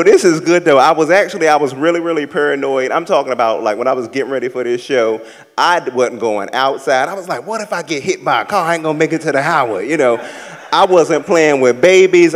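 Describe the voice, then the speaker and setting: A man from the American South doing a live stand-up set, with sassy, campy storytelling and loud acted-out asides. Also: a little high, big-room sound. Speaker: stand-up comedian. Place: large theater stage with a live audience.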